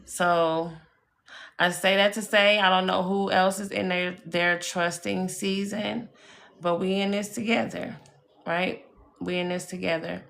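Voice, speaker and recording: She's a spiritual reader telling personal stories live, chatty and emphatic, cussing freely and calling her audience y'all and baby. Her voice sits on the low side, steady, unhurried, creaky and fairly bright.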